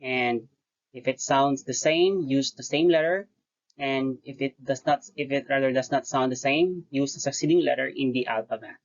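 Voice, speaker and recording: A teacher giving a recorded lesson, speaking deliberately, pausing often between phrases and correcting their own wording. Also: medium pitch. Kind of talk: recorded lecture-style lesson. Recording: dull lo-fi voice recording.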